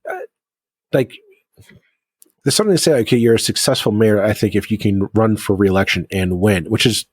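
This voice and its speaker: A man's voice: fairly low pitch, fairly quick, slightly rough, no echo. A man co-hosting a podcast, chatting casually about local politics with many restarts and fillers. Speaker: podcast co-host.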